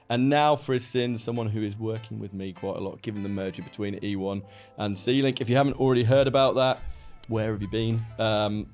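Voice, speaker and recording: A man's voice: fairly low pitch, a little mellow. Chatty English man hosting a podcast. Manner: chatty, jokey, laughs often. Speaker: podcast host. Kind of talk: casual interview chat.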